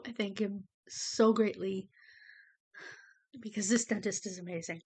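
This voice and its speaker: A woman's voice: medium pitch, fairly even intonation, unhurried, a little mellow, slightly rough. Woman, vlogger, casual update to camera, rambling, emotional, lots of fillers. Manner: emotional, rambling, thankful, close to tears at times; many fillers like "you know" and "um". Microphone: camera facing the speaker.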